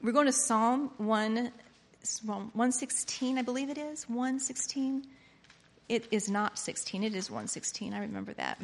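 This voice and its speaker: A woman preaching a sermon, switching from hushed, confiding lines to loud, excited outbursts. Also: on the high side, unhurried. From Pennsylvania. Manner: animated, swinging from hushed to loud exclamations. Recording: long hall reverb.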